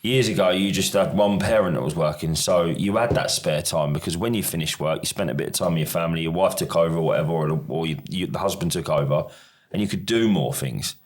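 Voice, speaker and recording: A middle-aged man from the UK co-hosting a podcast, talking in a loose, rambling way. His voice sits very low, and he keeps restarting his sentences and poking fun at himself. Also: quick pace. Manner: rambling, self-deprecating, restarts a lot. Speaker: podcast co-host. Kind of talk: casual chat.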